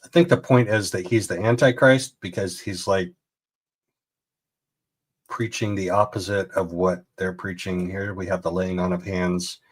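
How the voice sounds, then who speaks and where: A man's voice: deep voice, steady tone, unhurried. Chatty man reacting to a video. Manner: chatty, incredulous, rambling. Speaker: host. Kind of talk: casual commentary reacting to a video.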